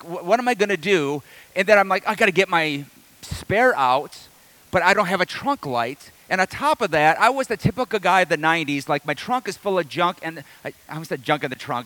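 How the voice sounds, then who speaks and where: A man's voice: fairly high pitch, a bit bright, dry recording. A middle-aged male pastor from the Detroit area, preaching a sermon through a humorous personal story. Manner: storytelling, self-deprecating humor, builds to preaching.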